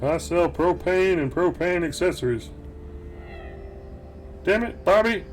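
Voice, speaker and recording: A man voicing a gruff, exasperated middle-aged cartoon dad with a clipped, grumbling drawl. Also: high voice, animated, measured pace, a little hiss or hum, pitched above the performer's own voice.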